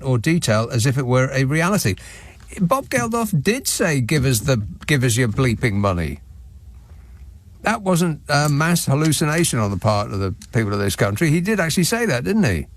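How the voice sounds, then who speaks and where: A man hosting a radio phone-in from a studio microphone, chatting with callers in a dry, self-mocking, deadpan way. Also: medium pitch, dry recording. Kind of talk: late-night radio phone-in chat.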